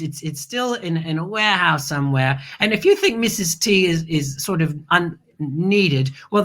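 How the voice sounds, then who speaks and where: A woman's voice: medium pitch, fairly bright tone. A woman hosting a family show in a theatrical way. She stumbles into restarts and keeps calling people darling. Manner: dramatic, stammering restarts, calls listeners darling. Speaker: host.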